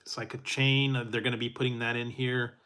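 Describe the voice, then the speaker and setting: A middle-aged man chatting casually with his live viewers, rambling and laid-back. He talks at an ordinary mid pitch, chuckles often and fills pauses with ums and uhs. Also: little pitch movement, pushed and bright, clear, resonant tone. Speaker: food reviewer.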